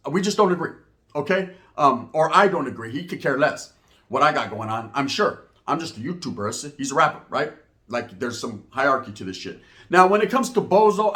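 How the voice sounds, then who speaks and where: A man with a high voice gives his take straight to camera as a YouTuber. He talks in an animated, slangy way and keeps dropping rhetorical asides. It is casual opinion commentary, like a vlog. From Northern California.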